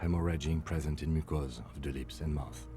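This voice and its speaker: A man playing a calm, methodical police lieutenant in a video game, dictating an autopsy in a measured, dry way. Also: rumbling low. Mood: calm, clinical. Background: faint game music.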